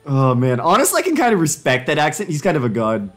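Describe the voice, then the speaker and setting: A young man talks on a live stream in a playful, excitable way, his pitch leaping high whenever he crows about a win. He laughs at his own jokes and comments on everything as he goes. Soft music sits faintly underneath. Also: quick pace. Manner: jokey, excitable, laughing self-commentary with sudden pitch jumps. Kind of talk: casual live-stream chat while doing language drills.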